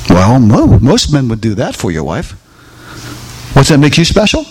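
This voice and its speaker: A man's voice: a little high, wildly swooping pitch, moderate pace, slightly rough, rough recording. A middle-aged man preaching a sermon to a congregation, repeating lines for emphasis and asking them questions. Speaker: pastor. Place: church sanctuary with congregation.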